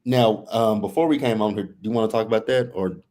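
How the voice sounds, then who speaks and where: A man co-hosting a soap opera recap livestream, laid-back and quick to laugh. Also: on the low side, steady tone, warm tone. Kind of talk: casual livestream chat.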